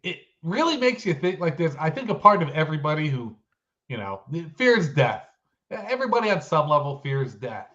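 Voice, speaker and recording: A man's voice: fairly high pitch, very animated, normal speed, a bit bright. Stuffy-nosed nasal man chatting. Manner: rambling, self-deprecating. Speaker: podcast co-host. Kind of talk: casual chat. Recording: dull lo-fi sound.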